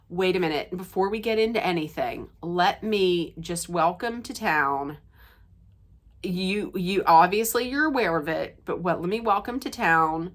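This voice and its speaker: A woman's voice: mid-range voice, a bit bright. A woman talking casually to her channel viewers in a chatty, rambling way with many restarts. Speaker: vlogger. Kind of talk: casual chat to camera.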